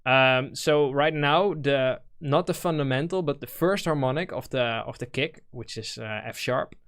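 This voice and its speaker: A man with a Dutch accent hosts a stream, chatting casually while giving technical feedback on music demos. He thinks aloud with fillers and explains technical points in an unhurried, medium-pitched voice that is a bit bright, clear and resonant.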